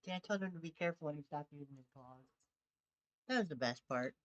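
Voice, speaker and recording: A woman's voice: low-pitched, quick pace. A woman streaming a game, chatting casually and baby-talking to her cat. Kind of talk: casual live-stream chat.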